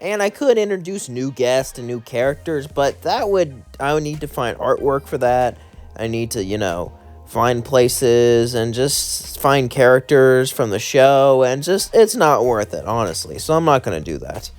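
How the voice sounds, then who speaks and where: A man's voice: medium pitch, animated, unhurried, faint music behind. Man casually rambling through a fan story. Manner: rambling, with fillers.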